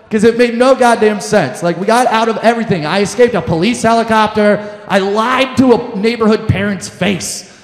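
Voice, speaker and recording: A young man telling a profane comic story on stage, animated and breaking into shouted quotes. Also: high voice, fast. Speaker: comedian. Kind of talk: live stand-up storytelling. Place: lounge stage with live audience. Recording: echoey room with long reverb.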